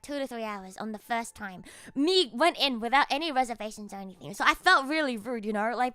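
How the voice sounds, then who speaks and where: A woman streamer telling a story to her chat in a casual, animated way, swearing often and laughing a lot. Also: fairly high pitch, clean tone, no room sound.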